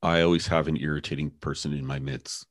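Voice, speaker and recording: A man's voice: extremely low pitch, steady tone, fast talker, dry recording, studio quality. A man co-hosting a podcast, reflective and telling personal anecdotes in casual conversation. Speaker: podcast co-host.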